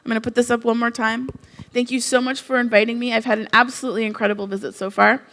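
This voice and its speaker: A middle-aged woman from Canada giving a conference keynote, telling stories in a conversational, expressive way. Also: on the high side, fast talker. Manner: expressive storytelling, conversational with frequent "like". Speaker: keynote speaker.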